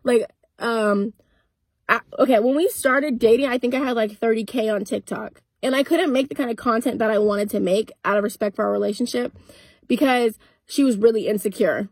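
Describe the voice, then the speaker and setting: A woman's voice: fairly high pitch, normal speed, darkish tone, breathy edge, dry recording. An eighteen-year-old woman telling a storytime vlog in a casual, blunt way, swearing freely and acting out both sides of old arguments. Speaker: content creator.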